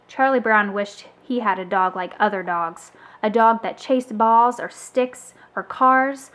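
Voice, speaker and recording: A woman reading a children's book aloud as a storyteller, with expressive, animated delivery. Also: mid-range voice, measured pace, few pauses.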